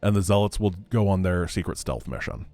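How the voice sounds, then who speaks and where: A man's voice: sits low, animated, a little fast, mellow, faint music behind. A man streaming a strategy game, talking through his plans and breaking into frustrated outbursts when things go wrong. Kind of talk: live gameplay commentary.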